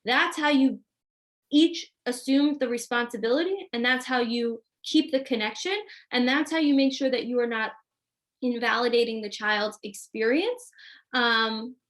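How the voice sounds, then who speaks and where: A woman's voice: on the high side, unhurried, a bit bright. A woman hosting a live Q&A as a parenting coach, reading viewer questions aloud and acting out example dialogue.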